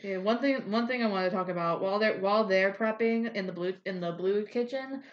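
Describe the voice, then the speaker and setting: A woman's voice: mid-range voice, fairly quick. A woman co-hosting a casual podcast, chatting with lots of fillers. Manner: chatty, frequent fillers like "like" and "yeah". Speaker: podcast co-host. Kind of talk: casual chat. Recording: roomy, dull lo-fi sound.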